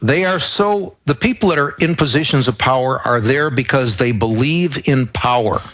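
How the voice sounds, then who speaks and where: A male guest on a talk show, explaining his views in a measured, step-by-step way. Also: medium pitch, a bit bright, no room sound. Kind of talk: political talk show discussion.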